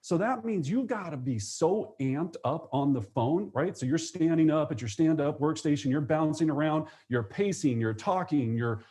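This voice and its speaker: A man teaching a live real estate webinar, energetic, acting out sales phone calls in quick voices. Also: a little high.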